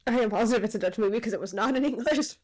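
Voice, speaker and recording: A woman co-hosting a podcast, casually retelling a film's plot with lots of "like" fillers and quick asides. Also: a little high, darkish tone, rough recording. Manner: rambling retelling of a film plot, many "like" fillers. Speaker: podcast co-host. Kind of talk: casual chat.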